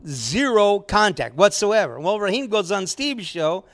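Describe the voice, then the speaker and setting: A man's voice: high-pitched, sing-song, measured pace, fairly bright tone. A man co-hosting a casual sports podcast, telling a story and chiming in with short remarks. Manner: conversational, chimes in with short remarks. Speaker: podcast co-host.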